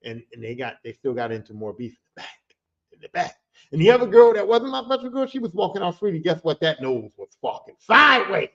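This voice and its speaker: A man's voice: brisk, dull audio. A podcast host telling a casual story in streetwise slang with heavy cursing, and his voice shoots up when he retells the heated parts. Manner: animated, jumps high when retelling heated moments.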